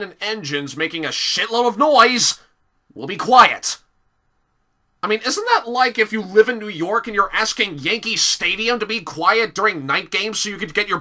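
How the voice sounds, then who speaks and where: A man giving a casual, animated video review, often laughing and filling pauses with "um". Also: high voice. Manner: animated, giggly, many fillers.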